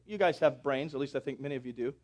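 A man's voice: mid-range voice, quick pace, a little mellow. A pastor preaching a sermon, talking straight to his congregation and building in intensity.

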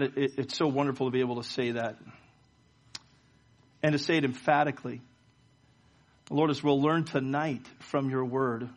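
A man's voice: mid-range voice, breathy edge. A middle-aged pastor gives a sermon to his church. He speaks in a mid-range voice and often stumbles over repeated words. He moves between telling stories and leading a prayer. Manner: storytelling with frequent stammered word repeats. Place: church service.

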